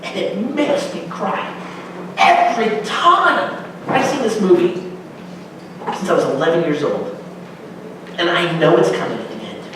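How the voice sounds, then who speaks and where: A man preaches a Bible lesson with a high, lively voice, leaping up and down in pitch as he acts out the lines. He sounds far from the mic, in a hall full of echo, with a faint hum underneath. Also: unhurried, long pauses. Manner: animated, acts out quotes with big pitch swings. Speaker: pastor teaching a Bible class. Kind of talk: sermon-style Bible teaching. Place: church hall.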